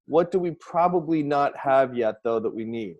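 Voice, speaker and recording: A man hosting a live coaching show, talking excitedly and firing off repeated rhetorical questions over a video call. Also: medium pitch, normal speed, highs cut off. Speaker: host and speaking coach. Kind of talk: energetic live-stream coaching talk.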